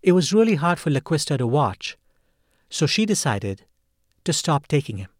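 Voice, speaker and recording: A man hosting a podcast, narrating a scripted story in a calm, measured way. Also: fairly high pitch, no room sound, studio quality. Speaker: podcast host.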